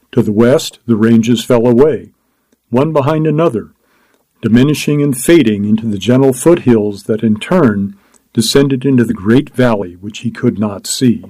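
A man narrating a story aloud in a measured, descriptive reading. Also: medium pitch, a little mellow, no echo, poor audio. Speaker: audiobook narrator. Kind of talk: scripted narration.

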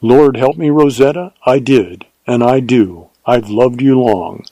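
A man voicing a steady, devoted Texas ranger who speaks slowly and earnestly. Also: mid-range voice, no room sound, low-quality recording. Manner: slow, earnest and tender.

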